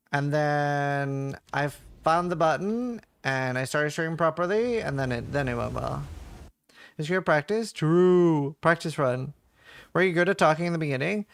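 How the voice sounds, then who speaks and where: Chatty streamer man, slightly high voice. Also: a little slow, gravelly, clear, resonant tone, no room sound. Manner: chatty, reads chat questions aloud, rambling with fillers. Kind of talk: casual live-stream chat while gaming.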